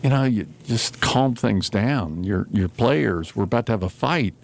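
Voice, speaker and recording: In an unhurried, gravelly, lowish voice, a man hosts a casual talk radio show. He spins stories with animation, voicing the quotes loudly as he acts them out.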